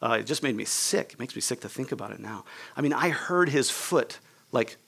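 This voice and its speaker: A man's voice: mid-range voice, animated, fairly quick, vocal fry, a bit bright, slightly rough. A man preaching a sermon, telling a personal story in a casual, conversational way and acting out the people in it. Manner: conversational, many "like" and "right?" asides. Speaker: pastor.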